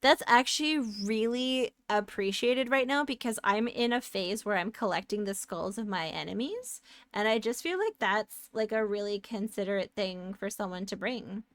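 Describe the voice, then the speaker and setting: A woman streaming a retro adventure game, chatting casually and playfully with her viewers and breaking into loud bursts of frustration. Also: mid-range voice, normal speed, no echo. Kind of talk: casual live-stream commentary.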